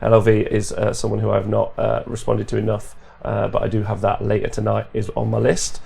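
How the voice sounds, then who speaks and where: A man's voice: on the low side, completely flat delivery, brisk, creaky, mellow, husky. A man hosting a gaming podcast stream, chatty and rambling, laughing often and hiccuping. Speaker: podcast host. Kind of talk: casual livestream chat.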